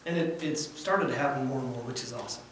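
A man's voice: mid-range voice, fast talker. A man giving a conversational devotional sermon as a lay preacher, earnest and plainspoken in a folksy way. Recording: very echoey room from far off, faint background noise.

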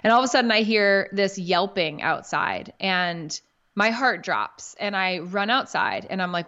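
A woman's voice: medium pitch, unhurried, fairly bright tone. A woman in her thirties, a podcast guest, telling a personal story in a candid, emotional way and swearing casually. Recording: dull lo-fi audio.

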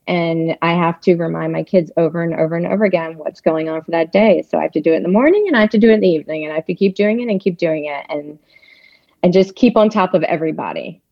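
A woman's voice: on the low side, dry recording. A woman guest on a talk show, chatty and emotional, laughing easily as she answers. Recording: dull, lo-fi sound.

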